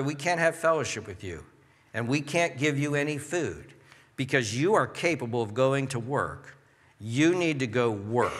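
A man preaching a sermon as pastor, emphatic, slowing down for scripture and swinging between low asides and high exclaims. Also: pushed and bright. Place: church sanctuary. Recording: long hall reverb.

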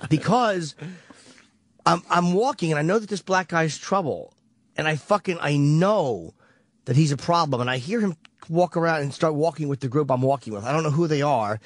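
A man's voice: a little high, lively intonation, normal speed, dry recording. A man on a radio show rambling through a long, profane story in casual talk. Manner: profane, rambling, vivid retelling.

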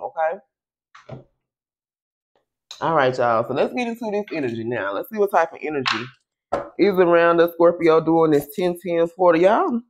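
A man with a fairly high voice gives a relaxed, chatty tarot reading at home. He swears now and then and drops "okay?" after nearly every line. He slows right down to stretch out his repeated questions to Spirit as he shuffles the cards. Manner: chatty, tags lines with "okay?" and "y'all"; salty, swears casually. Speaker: tarot reader. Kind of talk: casual tarot reading to camera.

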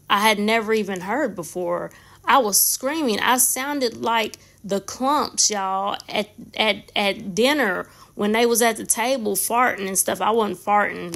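A woman whose voice is worn hoarse, with a gravelly edge, talking at an unhurried pace. She hosts a nail channel and chats casually and directly to her viewers, calling them "y'all" again and again. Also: mid-range voice, fairly bright tone. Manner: chatty, talks straight to viewers with frequent "y'all". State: hoarse, voice nearly gone.

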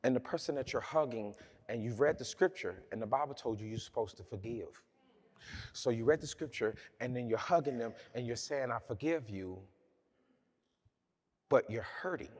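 A man's voice: mid-range voice, a little fast, a little mellow, breathy edge. Man preaching with chatty, funny storytelling. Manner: conversational, humorous storytelling with many restarts. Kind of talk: sermon with personal storytelling.

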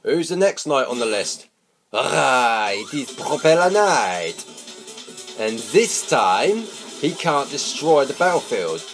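A man's voice: mid-range voice, very animated, slow. A man giving casual, playful, sweary commentary over a video game. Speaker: let's play commentator. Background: game music.

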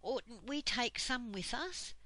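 An older woman voicing a sensible young girl in a storybook, bright and a little fussy. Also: fairly high pitch, expressive, takes it slowly, dry recording, voice pushed up, full character voice. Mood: teasing.

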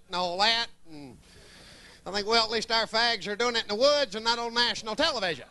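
Man, southern accent, very high voice, sharp bright tone, drawling stand-up jokes. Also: fast talker. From Columbus, Georgia, US. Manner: folksy, drawling, wisecracking. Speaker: stand-up comedian. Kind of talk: stand-up comedy set. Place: comedy club stage.

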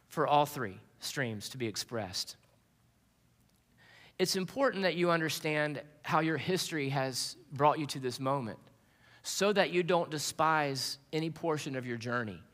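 A man's voice: a little high, normal speed, fairly bright tone. A man preaching a sermon as pastor, telling stories earnestly with frequent restarts. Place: church sanctuary. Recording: long hall reverb.

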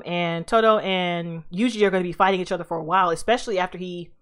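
A young adult woman with a lowish voice hosts casual reaction commentary. She's excitable and profane, exclaiming frequently.

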